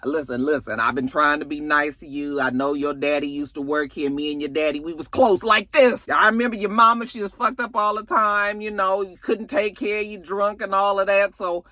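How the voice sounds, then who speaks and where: A man's voice: sits high, flat delivery, moderate pace, hardly any pauses, pushed and bright, dry recording, studio quality, voice pushed up. A man voicing a blunt, crude middle-aged male police chief who lectures at length. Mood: lecturing. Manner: scolding, rambling, crude.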